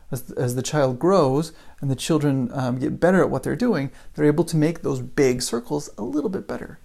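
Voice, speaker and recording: Gravelly man telling a motivational story. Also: mid-range voice, a little mellow. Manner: casual, repetitive phrasing, builds with repeated lines. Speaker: motivational speaker.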